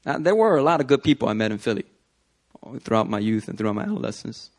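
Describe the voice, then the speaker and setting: A man giving a Christian sermon-style video talk, telling personal stories in an animated, conversational way. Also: lowish voice, fast. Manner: animated storytelling, conversational with fillers. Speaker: Christian teacher.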